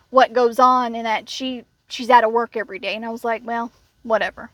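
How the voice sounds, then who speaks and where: A woman with a high voice rants about a coworker in a casual vlog, blunt and sarcastic. Her indignation shows in every phrase. The sound is close and dry, with no room around her. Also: fairly bright tone, no echo. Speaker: vlogger. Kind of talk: casual storytelling rant.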